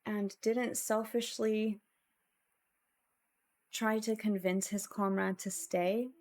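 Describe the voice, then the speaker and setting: A woman's voice: medium pitch, fairly even intonation, slow, darkish tone. A woman streamer chatting with her viewers in a casual, emotional and reflective way, often sighing.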